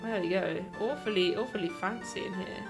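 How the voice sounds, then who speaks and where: A woman voicing a dry, wry young male lawyer in a lowered, flat delivery. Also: a little fast, over music, lightly acted. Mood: deadpan.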